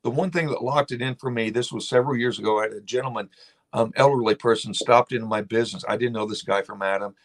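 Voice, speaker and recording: A man speaking as a guest lawmaker on a talk show, his voice sitting at an everyday middle pitch. He talks in an emphatic, blunt way and drifts into storytelling. His delivery is impassioned. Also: fairly even intonation, quick pace.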